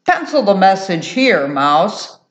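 Woman reading a shy gentle storybook mole, slow and calm, echoey. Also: mid-range voice, highs cut off. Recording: roomy echo.

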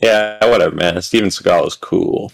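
A man's voice: low-pitched, moderate pace, vocal fry, poor audio. A man co-hosting a podcast in casual chat, joking dryly and wisecracking. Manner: dry, wisecracking. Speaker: podcast co-host.

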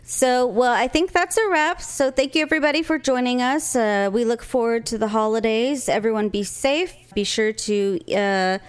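A woman's voice: fairly high pitch, normal speed, few pauses, clean tone. A woman co-hosting a podcast in casual chat, joking and closing the episode. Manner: chatty, jokes and wraps up the show. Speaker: podcast co-host.

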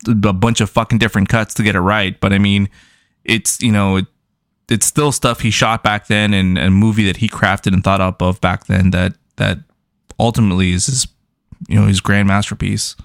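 A man's voice: fairly low pitch, steady tone, normal speed, no room sound, studio quality. A young man co-hosting a movie review podcast, talking loosely, joking and swearing. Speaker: podcast co-host. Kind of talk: casual movie review chat.

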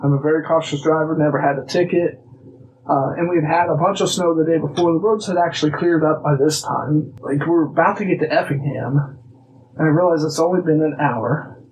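A man from Illinois, a guest telling a personal story casually, animated and acting out bits of dialogue. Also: fairly high pitch, slight background noise, low-quality recording. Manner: animated, acts out dialogue, restarts phrases.

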